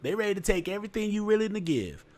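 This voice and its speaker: A man's voice: high-pitched, big pitch swings, fast talker, darkish tone. A man hosting a podcast, giving blunt, profane relationship advice in casual chat. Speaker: podcast host.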